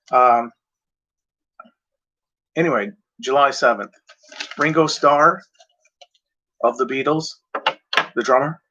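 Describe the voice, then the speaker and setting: Male host talking to camera off the cuff, with halting, rambling delivery, a tense bright tone and muffled lo-fi sound. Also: mid-range voice. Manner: rambling, hesitant, with many fillers and self-corrections. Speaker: video host. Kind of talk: casual talk to camera. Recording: dull lo-fi sound.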